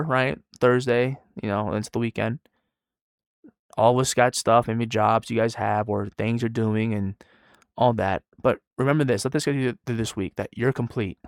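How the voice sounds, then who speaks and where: Young male preacher, twenties, tired and soft-spoken, conversational, dry close sound. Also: mid-range voice, no echo. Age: 20s. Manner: soft-spoken, conversational, trailing quiet between emphatic rises. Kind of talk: sermon.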